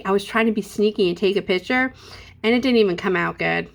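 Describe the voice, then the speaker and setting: A middle-aged vlogger with a medium-pitched voice and vocal fry talks fast in an unscripted home vlog. Chatty and sassy, she addresses her viewers directly and acts out what people said in exaggerated voices.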